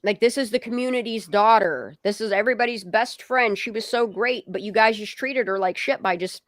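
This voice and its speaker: A woman's voice: mid-range voice, brisk, no room sound. A woman hosting a casual livestream, talking bluntly and heatedly and swearing freely. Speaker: livestream host.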